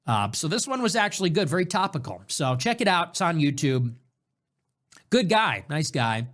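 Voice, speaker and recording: Sarcastic guy rambling on his own show, kinda high voice, gets loud then mutters. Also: moderate pace. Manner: animated, sarcastic, swings between loud bursts and low mutters. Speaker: show host. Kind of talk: casual livestream monologue.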